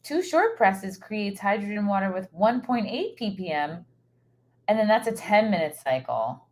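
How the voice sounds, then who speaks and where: A woman comedian chats casually on a live stream from a hotel room, rambling and scatterbrained with plenty of fillers. Her medium-pitched voice has lively intonation and a moderate pace, picked up by a streaming microphone.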